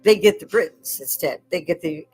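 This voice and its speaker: A woman's voice: on the low side, normal speed, a little mellow, soft background music. An older woman delivering an angry, profane political rant, sarcastic and scornful, with bursts of mocking laughter. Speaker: livestream host.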